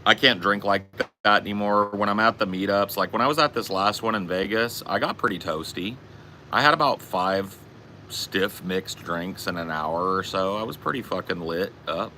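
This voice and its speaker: A man's voice: lowish voice, normal speed, pushed and bright, a little hiss or hum. A man hosting a podcast, telling a casual anecdote with plenty of swearing. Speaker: podcast host. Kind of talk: casual storytelling chat.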